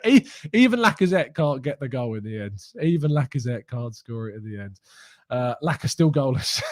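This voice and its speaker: A man's voice: mid-range voice, darkish tone, no echo, clean studio sound. A young man hosting a fan live stream, giddy and mocking, laughing often as he reads out chat messages. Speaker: fan channel host reading live chat.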